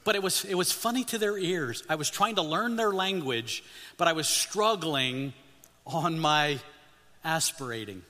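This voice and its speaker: An older man preaching a sermon as a missionary, animated and humorous, leading the congregation in call-and-response. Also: a little high, unhurried. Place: church sanctuary. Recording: long reverb of a church hall.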